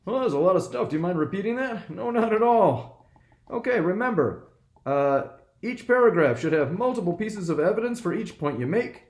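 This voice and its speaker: A man voicing a masked boy superhero in armor, listing tips in a steady, matter-of-fact way. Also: sits high, normal speed. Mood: helpful. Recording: echoey room.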